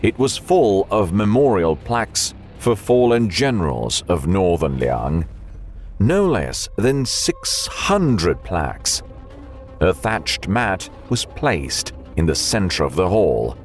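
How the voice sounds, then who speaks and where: A man narrating an audiobook with measured storytelling and faint music behind. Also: low voice, very animated.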